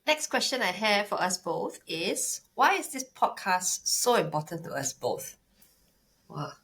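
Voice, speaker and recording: A woman co-hosting a casual podcast chat, speaking in a calm, grounded way. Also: medium pitch, a little slow, husky. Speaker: podcast co-host.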